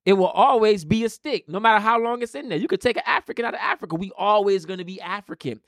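Brief: man, high-pitched, emphatic preachy talker, dry close sound. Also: fast talker, fairly bright tone, no room sound. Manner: emphatic, preachy, repeats key phrases. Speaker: podcast co-host. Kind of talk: casual podcast discussion.

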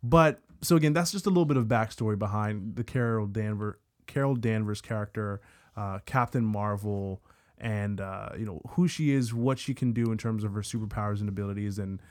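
A man's voice: lowish voice, a little fast. A man co-hosting a casual podcast, talking in rambling stretches with stammered restarts. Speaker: podcast co-host.

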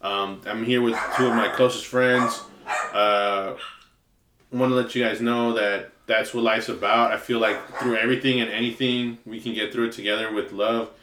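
A man's voice: medium pitch, flat delivery, moderate pace, sharp tone, a little hiss or hum. Earnest man, hesitant, echoey room. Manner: earnest, hesitant, many fillers. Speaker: podcast co-host. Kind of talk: casual chat.

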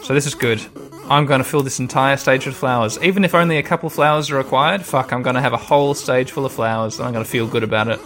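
A man's voice: mid-range voice, quick pace, fairly bright tone, faint music behind. A man casually commenting on a video game as he plays, rambling and swearing freely. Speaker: gamer. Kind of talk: casual let's-play commentary.

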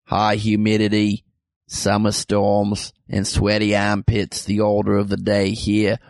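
Drawling Australian beer lover put on by a man, low gravelly voice, dry sound. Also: monotone, unhurried, dry recording. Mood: laid-back. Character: laid-back Australian listener, sweaty and beer-loving.

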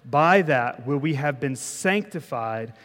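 A man's voice: mid-range voice, expressive, takes it slowly, a bit bright, in a large hall. A male pastor giving a conversational sermon, often checking in with the congregation. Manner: conversational preaching, frequent "okay?" check-ins. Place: church sanctuary.

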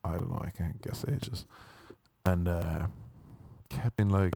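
Wry, low-voiced male comic rambling. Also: slow pace, vocal fry, pauses often, warm tone, breathy edge, dry recording. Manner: self-deprecating, wry, switches into mock voices.

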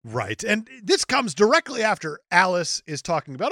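A woman's voice: medium pitch, very animated, fairly quick, a bit bright, husky, no room sound, clean studio sound. A woman co-hosting a podcast, reviewing a movie in casual, sarcastic chat, often dropping into mock voices. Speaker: podcast co-host.

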